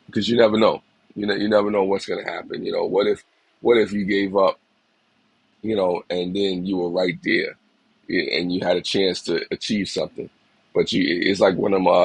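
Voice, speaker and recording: A man's voice: deep voice, gravelly, breathy edge, dry recording, low-quality recording. A man in his forties, a little sick, hosting a casual livestream with a reflective, encouraging manner and greeting viewers by name. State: a little sick, slight cough. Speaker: livestream host. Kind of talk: casual motivational livestream talk.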